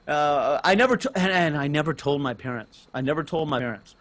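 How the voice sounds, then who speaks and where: A middle-aged man, telling a long personal story on a casual gaming podcast, rambling with restarts and getting loud on key points. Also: fairly high pitch, normal speed. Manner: animated, rambling with restarts, rises loud on emphasis. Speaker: podcast co-host and parent.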